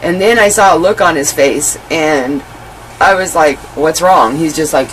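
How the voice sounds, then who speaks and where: A woman's voice: sits low, normal speed, slight background noise, low-quality recording. A woman guest in an interview, telling her life story candidly and animatedly, with many "you know" fillers.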